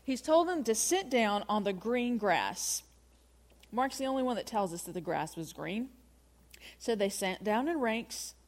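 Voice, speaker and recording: A woman giving a conversational Bible teaching, talking through the passage and asking her listeners rhetorical questions. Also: medium pitch. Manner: chatty, asks rhetorical questions.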